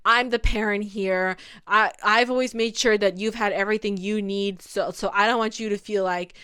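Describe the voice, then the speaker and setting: A woman quoting a flustered, defensive mother in a hurried, pleading rush. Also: mid-range voice, fairly even intonation, a bit bright, clean tone, no room sound, close to an everyday voice. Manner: hurried, pleading, over-talking.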